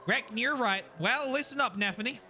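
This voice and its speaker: A man's voice: very high voice, brisk, pushed and bright, soft background music, pitched above the performer's own voice, heavily acted. A man voicing a folksy farmer soldier with an American Southern accent. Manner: folksy, plain-spoken drawl.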